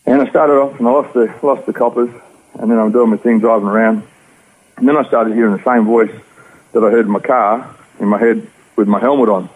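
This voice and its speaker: An Australian man tells his story at a rapid clip, his low voice husky and rough. He talks in slang and plain words. The sound is thin and tinny, as over a phone line. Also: steady tone. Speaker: interview guest. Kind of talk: personal testimony.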